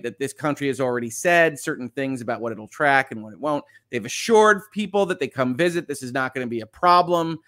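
A man hosts a live news stream, mixing commentary with replies to viewers' chat. He talks in a halting, easygoing way, restarting sentences and chuckling often. His voice is mid-pitched and the sound is dry, with no room around it. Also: fairly bright tone, dry recording. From United States. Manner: hesitant, many fillers and restarts, chuckles often.

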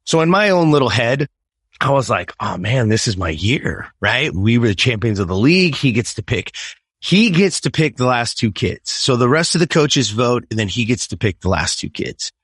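A man in his fifties tells a personal story as an interview guest. He speaks in an emphatic, swearing way at a mid-range pitch, and the recording is dry and close. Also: sing-song, moderate pace, fairly bright tone, breathy edge, no echo. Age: 50s. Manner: emphatic and profane, keeps asking "right?". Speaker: podcast guest.

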